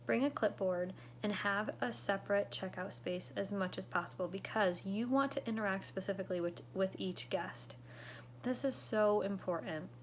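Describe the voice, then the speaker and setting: A woman coaches direct sellers in a relaxed, talky way, often pausing to check in with "okay?" and slipping into the lines she uses on customers. Her voice sits in an ordinary middle pitch. A faint room hum sits behind her. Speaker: direct sales consultant. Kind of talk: instructional talk to sales reps.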